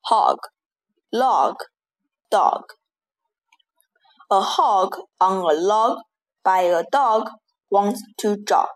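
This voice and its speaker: A teacher reads a children's rhyming lesson at an extremely slow pace, pausing after each word. Her mid-pitched delivery is careful, deliberate and expressive.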